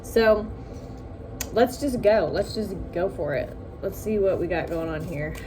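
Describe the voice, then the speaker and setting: Slow, musing woman tarot reader. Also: lowish voice, noisy background. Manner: musing, chatty, giggles often. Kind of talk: casual reading to viewers.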